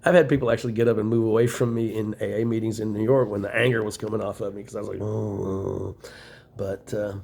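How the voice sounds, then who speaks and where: A man's voice: on the low side, steady tone, very fast, hardly any pauses, a little mellow, slight background noise. A middle-aged man in a rambling, profane monologue, venting bitterly from a small room in a shelter. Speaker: vlogger.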